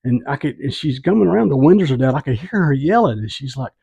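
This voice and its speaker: Gravelly man telling a testimony. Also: medium pitch, expressive, quick pace, dark tone, dry recording, dull audio. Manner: conversational, asks listeners "right?". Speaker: street evangelist. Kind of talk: personal testimony storytelling.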